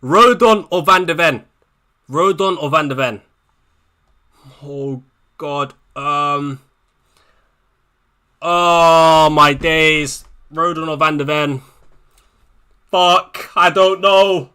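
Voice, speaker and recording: A man's voice: on the high side, steady tone, slow, long pauses, pushed and bright, clean tone. Nervy, swearing male streamer talking to chat. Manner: anxious, swearing, repeats himself, talks to chat. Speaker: fantasy football streamer. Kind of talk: live stream chat to viewers.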